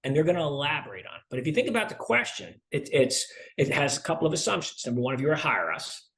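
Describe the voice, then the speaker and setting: A middle-aged man, a sales consultant being interviewed, who talks in a lively way and acts out dialogue while telling stories. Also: a little high, fast, gravelly. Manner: animated storyteller, acts out dialogue. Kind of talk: conversational interview.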